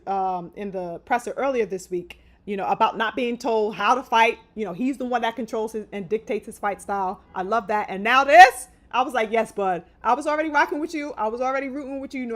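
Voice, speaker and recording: A woman hosting a live boxing talk stream, ranting in a heated, emphatic and profane way. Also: fairly high pitch. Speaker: boxing commentary host. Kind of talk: live opinion commentary.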